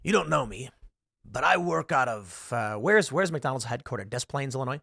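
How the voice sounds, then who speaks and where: A man voicing a male corporate recruiter on a phone call who makes a job offer in a slow, drawn-out, lower voice. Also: expressive, gravelly, pushed and bright, slightly rough, dry recording, studio quality, heavily acted. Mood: salesy.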